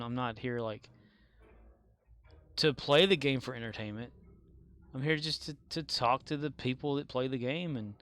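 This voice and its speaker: A man's voice: mid-range voice, a bit bright. A man streaming a game and chatting casually, rambling, self-deprecating and swearing freely. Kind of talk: casual chat while gaming.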